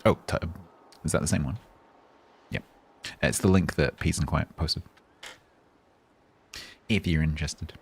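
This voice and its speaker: A man chatting calmly on a game livestream, rambling with fillers and restarts. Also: rumbling low, a little slow, gravelly, pauses often, husky. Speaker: game streamer. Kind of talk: casual livestream chat.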